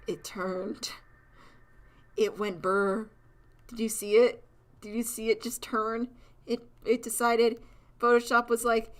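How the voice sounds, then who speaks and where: A woman's voice: on the high side, takes it slowly, pauses often, slight background noise, rough recording. A young woman streaming while she draws, chatting casually and telling stories with lots of laughter and mock voices. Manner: giggly, animated storytelling with frequent laughter and mock voices. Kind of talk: casual livestream chat while drawing.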